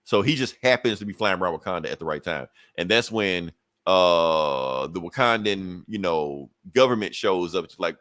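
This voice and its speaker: A man's voice: low-pitched, lively intonation, normal speed, a bit bright, no room sound, clean studio sound. A man co-hosting a podcast, casually retelling a comic book story and acting out the characters' lines with cursing. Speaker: podcast co-host.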